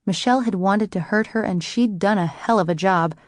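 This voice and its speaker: A woman narrating a romance audiobook in a measured, even storytelling manner. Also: mid-range voice, no echo, studio quality.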